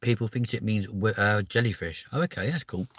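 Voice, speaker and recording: A man chats casually on a live stream, reading out the chat. His voice sits low but comes across bright and forceful. The sound is close and dry, and he swears freely and fills gaps with ums. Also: a little fast, slightly rough, no room sound.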